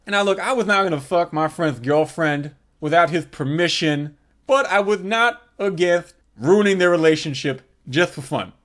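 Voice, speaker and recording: A man telling a crude, profane comic story with animated energy. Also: a little high, moderate pace. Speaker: comedic storyteller.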